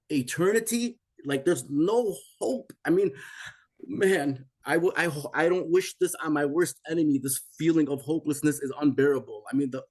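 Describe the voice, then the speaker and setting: A man's voice: a little high, a little mellow. A man in his forties giving an emotional personal testimony as an interview guest, intense and repetitive, often restarting his sentences. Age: 40s. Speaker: guest telling a near-death experience.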